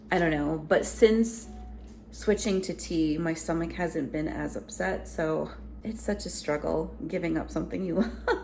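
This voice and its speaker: A woman's voice: fairly low pitch, creaky, slight background noise, rough recording. A woman, a mother chatting casually to her viewers in a home vlog, rambling and talking straight to the camera. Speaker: lifestyle vlogger and mother.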